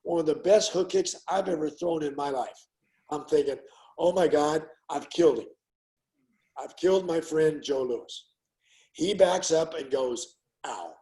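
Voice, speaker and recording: An older man with a fairly high voice tells his fight stories in a relaxed, chatty way. He acts out the voices of the people in them with plenty of energy. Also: a little slow, rough recording. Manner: animated storyteller, acts out quotes loudly. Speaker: guest, former fighter. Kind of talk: casual storytelling interview.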